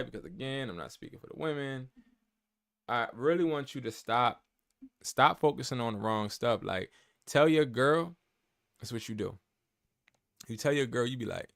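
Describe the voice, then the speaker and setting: A man coaching fellow resellers in a casual vlog monologue, animated and slangy, repeating words for emphasis. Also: mid-range voice, clear, resonant tone, no echo, studio quality.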